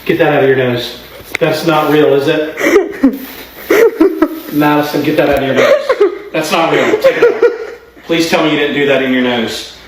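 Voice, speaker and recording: A man's voice: a little high, big pitch swings, moderate pace, pauses often. A man playing an exasperated father who scolds his teenage daughter with incredulous pleading. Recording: very echoey, noisy room.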